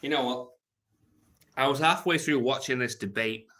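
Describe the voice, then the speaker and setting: Crude rambling British man, bright voice. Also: mid-range voice, normal speed. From Britain. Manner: rambling, crude and joking, trailing off into mumbles. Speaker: livestream host reading chat. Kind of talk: casual unscripted livestream chat.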